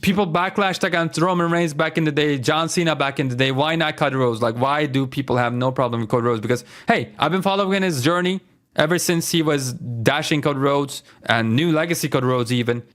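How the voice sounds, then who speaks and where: A man's voice: a little high, fairly quick, fairly bright tone. A man on his own channel giving a casual, exasperated opinion rant about a wrestling show, with lots of fillers and rhetorical questions. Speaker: wrestling commentary YouTuber.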